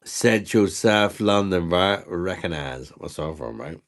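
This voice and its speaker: A man's voice: deep voice, lively intonation, measured pace. A man from the UK chatting casually on a live stream, rambling and swearing as he answers viewers' comments. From United Kingdom.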